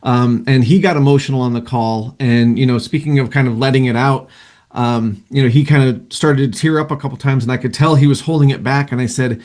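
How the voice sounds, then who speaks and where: A man with a voice of middling pitch, hosting a group video call. He thanks people by name and keeps an encouraging, easygoing tone. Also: steady tone, a little fast, darkish tone. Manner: encouraging, thanks each speaker. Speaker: support group host.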